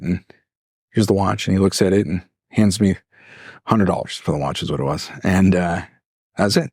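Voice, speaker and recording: A man co-hosting a podcast as a life coach, telling a long story in an animated way, acting out voices and laughing often. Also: low-pitched, breathy edge, no room sound, clean studio sound. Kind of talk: casual storytelling chat.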